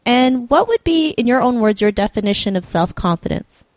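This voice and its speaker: Woman, podcast host, cheerful, upbeat, bright rising questions, dry close sound. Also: on the high side, expressive, normal speed, dry recording. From Canada. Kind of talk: interview podcast.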